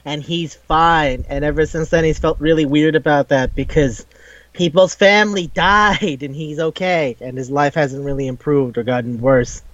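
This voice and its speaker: A young man co-hosts a casual anime talk, animated and quick to swear. He keeps slipping into the lines he quotes. His fairly high voice sits on a dull, lo-fi recording with a dry, close sound. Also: no room sound. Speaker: podcast co-host. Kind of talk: casual anime review chat.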